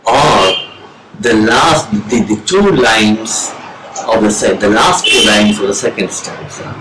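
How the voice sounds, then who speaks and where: A man with an Indian English accent, a professor of English giving a slow, measured lecture on reading poetry with deliberate pauses. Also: lowish voice, noisy background. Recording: roomy with faint ambience.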